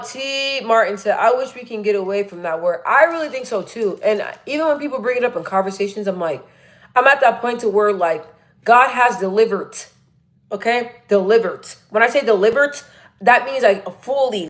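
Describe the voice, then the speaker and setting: A woman's voice: a little high, expressive, moderate pace. A young woman chatting casually on a livestream, reading viewer comments aloud and laughing often. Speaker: livestream host.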